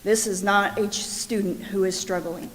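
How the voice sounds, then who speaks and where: A woman's voice: mid-range voice, steady tone, moderate pace. Composed mother speaking at a board meeting. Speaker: parent giving public comment. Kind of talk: prepared public comment at a school board meeting. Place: school board meeting room. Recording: echoey meeting hall, faint hiss.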